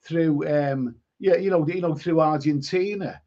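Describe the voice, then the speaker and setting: A man's voice: a little high, a little slow, a little mellow. A man hosting a live stream, chatting casually and reading out viewer comments, often stumbling and repeating words. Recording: lo-fi stream audio.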